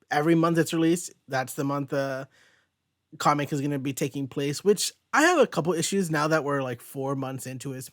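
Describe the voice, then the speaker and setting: A man's voice: fairly high pitch, no room sound, studio quality. A man hosting a casual comic book review chat, rambling and thinking aloud as he goes. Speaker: host.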